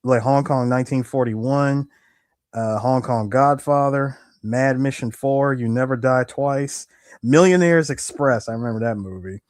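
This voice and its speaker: A man of middle pitch co-hosting a podcast, listing facts in a knowledgeable way, dotted with filler words. The recording is dry and close. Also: a little slow, darkish tone, no echo. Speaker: podcast co-host. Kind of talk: casual chat.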